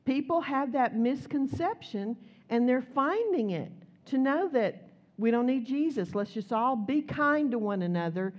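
Animated woman preacher, lo-fi sound. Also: sits high, unhurried. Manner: conversational, animated storytelling with acted quotes. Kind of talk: sermon.

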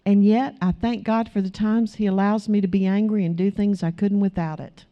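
A woman's voice: medium pitch, lo-fi sound. A woman preaching a sermon in church, emphatic and asking her congregation rhetorical questions.

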